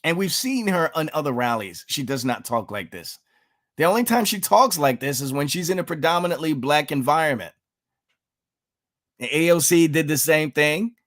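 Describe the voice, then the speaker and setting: A man's voice: moderate pace, fairly bright tone. Emphatic man giving opinionated commentary. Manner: emphatic, rhetorical questions, sudden pitch jumps. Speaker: political commentator, channel host.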